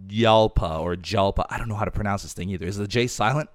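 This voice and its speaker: A man's voice: on the low side, racing, no room sound, clean studio sound. A man hosting a podcast, chatting casually about cars and rambling a little with fillers. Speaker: podcast host. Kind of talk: casual car chat.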